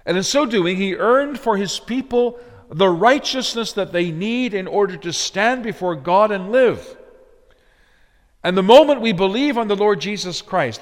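A man preaching in a church sanctuary, his voice sitting a little high and swinging widely in pitch. He hammers key words, then falls quiet and low. A long reverb hangs after each phrase. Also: lively intonation, a little slow. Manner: emphatic, swinging between loud stresses and quiet low phrases. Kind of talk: expository sermon.

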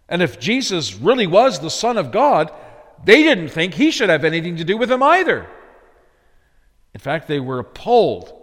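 Emphatic preacher man in a reverberant hall. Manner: emphatic, swinging between loud stresses and quiet low phrases. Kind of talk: expository sermon.

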